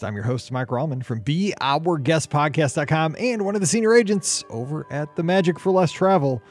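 A man's voice: a little high, lively intonation, faint music behind. A man hosting a podcast, chatting casually and joking with his co-hosts. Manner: upbeat, joking, quick asides. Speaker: podcast host.

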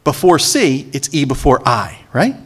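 A man's voice: mid-range voice, very animated, unhurried, a bit bright, slightly rough. A man preaching a sermon, who reads scripture aloud, acts out its characters with sarcasm and asks the congregation for responses. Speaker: pastor.

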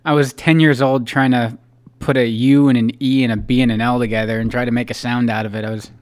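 A man's voice: medium pitch, level tone, quick pace, darkish tone. A man co-hosting a podcast, chatting casually and jokingly, rambling and swearing offhand. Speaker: podcast co-host. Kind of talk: casual chat.

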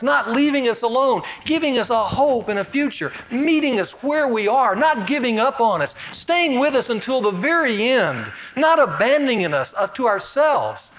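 Pastor, man, high-pitched for a man, conversational sermon delivery, slightly dull recording with faint hiss. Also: a bit bright. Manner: conversational preaching with rhetorical questions, wide swings in emphasis.

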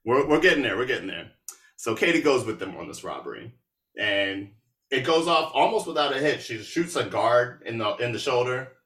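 A man hosting a podcast, recapping a movie in a casual, animated and sarcastic way. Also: mid-range voice, moderate pace, reverberant, far from the mic. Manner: animated, sarcastic, with laughs and asides. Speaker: podcast host.

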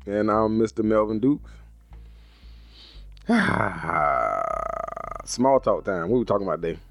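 A man's voice: lowish voice, very animated, slow pace, creaky, no echo, soft background music. A man co-hosting a podcast, trading playful, teasing banter. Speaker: podcast co-host.

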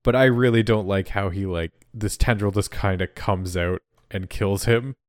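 A man's voice: fairly low pitch, moderate pace, dry recording, clean studio sound. A man in a casual podcast chat, giving blunt opinions with hesitant starts.

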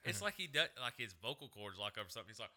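A man's voice: medium pitch, sing-song, very fast, pushed and bright. A man joking loosely and swearing during a casual podcast chat.

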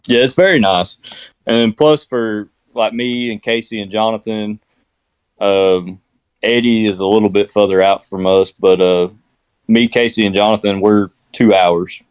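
A man's voice: fairly low pitch, steady tone, a little slow, smooth, no room sound. A man with a Southern US accent, rambling and laid-back as a guest in casual podcast chat.

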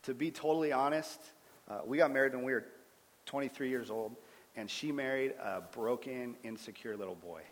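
A man in his thirties giving an earnest sermon-style testimony as a guest speaker, swinging between loud and hushed. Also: medium pitch, moderate pace. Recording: long hall reverb.

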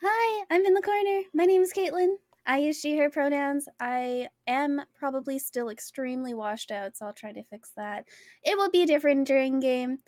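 High, bubbly woman on a dry mic. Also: normal speed, a little mellow, no echo. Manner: bubbly, chatty. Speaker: player, nurse. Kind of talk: casual chat.

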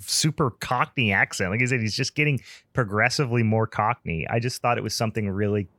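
A man's voice: lowish voice, fairly quick, pushed and bright, no room sound, studio quality. A man co-hosting a podcast, retelling movie scenes in a casual, sarcastic way and laughing often. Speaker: podcast co-host. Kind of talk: casual film review chat.

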